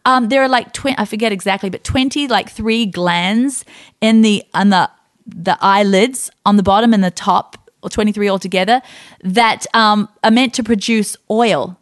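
Woman host, casual storyteller, chatty and animated, close dry mic. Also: medium pitch, normal speed, no echo. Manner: animated, chatty, many fillers and restarts. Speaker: podcast host.

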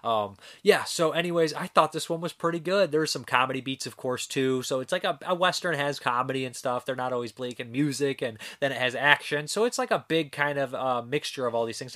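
Man host, relaxed unscripted film review, rambling and chatty, mid-range voice. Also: mid-range voice, a little fast. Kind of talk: casual spoken film review.

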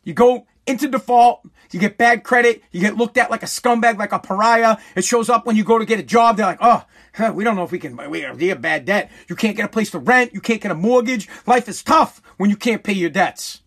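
A man's voice: high voice, a little fast, few pauses, fairly bright tone. A man who owns a small business, ranting in a profane, agitated vlog monologue and stumbling over his words as he repeats himself. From United States.

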